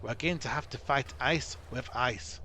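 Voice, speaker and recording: A man voicing a troubled male dwarf commander in a rough put-on accent, urgent and blunt. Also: medium pitch, a little slow, pushed and bright, slight background noise.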